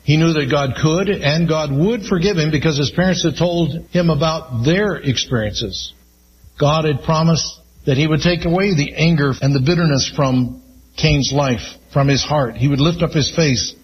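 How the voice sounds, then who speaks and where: A man preaching a sermon as pastor, speaking slowly and with emphasis and reading Scripture aloud. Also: on the high side, slightly rough, dull audio.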